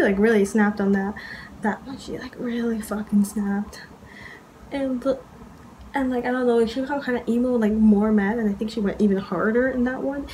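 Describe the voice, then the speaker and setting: A woman's voice: on the high side, a little mellow, slight background noise, poor audio. A young woman making a casual reaction vlog, gushing, swearing and squealing as she reacts to music. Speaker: YouTuber reacting to music videos. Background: music playing.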